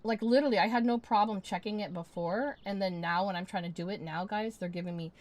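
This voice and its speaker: A woman's voice: medium pitch, fast talker, hardly any pauses, no room sound. A woman game streamer in casual live-stream chat, ranting in exasperation, swearing and repeating herself.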